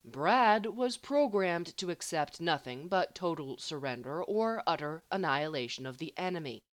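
A woman voicing a stoic, dry-witted grown male scientist who speaks slowly and deliberately. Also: low voice. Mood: deadpan. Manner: calm, slow and deliberate.

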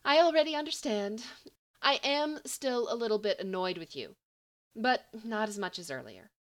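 A woman voicing a gentle young woman who speaks with earnest incredulity. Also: fairly high pitch, expressive, normal speed. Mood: incredulous.

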